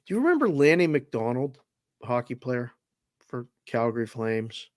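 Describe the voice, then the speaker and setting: A man's voice: mid-range voice, sing-song, normal speed, no echo, clean studio sound. Teasing male sports betting co-host. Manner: teasing, emphatic about picks. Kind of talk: casual sports talk banter.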